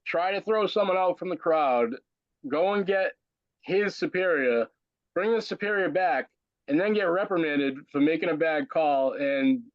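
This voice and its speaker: A man's voice: a little high, no room sound. A man hosting a podcast, talking casually and stressing his points firmly. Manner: emphatic, repeats points. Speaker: podcast host. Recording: dull dry audio.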